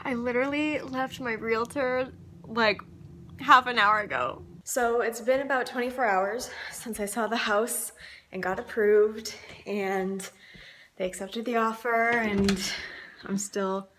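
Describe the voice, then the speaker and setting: A young woman talks straight to her handheld camera in a loose, excitable vlog ramble full of "like"s and casual swearing. Her voice sits a little high. Steady noise runs under the whole recording. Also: unhurried. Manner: excitable, swears freely, many fillers. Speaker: vlogger.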